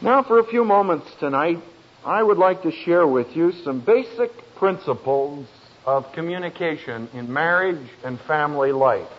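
Slow, emphatic man on a dull recording. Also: fairly high pitch, animated. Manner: slow, emphatic storytelling with dry humor. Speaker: family counselor and speaker. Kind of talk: speech to an audience.

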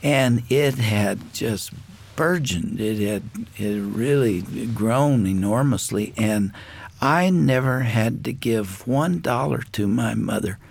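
An older man earnestly telling a personal story as an interview guest, unhurried and pausing often. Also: mid-range voice, creaky. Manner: earnest, unhurried anecdote with frequent pauses.

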